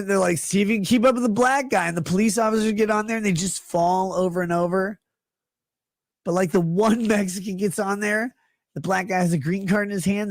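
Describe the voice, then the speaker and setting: A woman's voice: mid-range voice, dry recording. A woman in her thirties co-hosting a casual podcast, rambling through absurd jokes with laughs. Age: 30s. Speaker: podcast co-host. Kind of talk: casual comedic chat.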